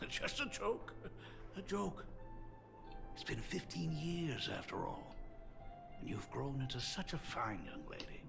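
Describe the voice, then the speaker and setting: An actor playing a teasing, wry middle-aged father, speaking in a gravelly voice in a game scene. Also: mid-range voice, very animated, music in the background, heavily acted. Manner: wry, mocking, drawn-out.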